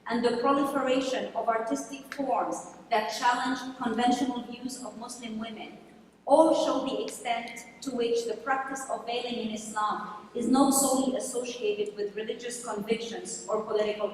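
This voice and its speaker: A woman giving an academic lecture, reading from a prepared text in a measured way, recorded from a distance in a large hall. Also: a little high, a little mellow. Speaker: university lecturer. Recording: echoey hall, distant mic, faint noise.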